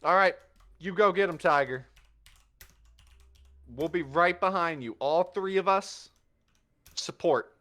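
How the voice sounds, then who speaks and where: A man's voice: slow pace, long pauses, pushed and bright, faint music behind, full character voice. A man voicing a boastful, swaggering male cat rogue who preens and exclaims. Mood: eager. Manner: preening, overexcited, high squeaky exclamations.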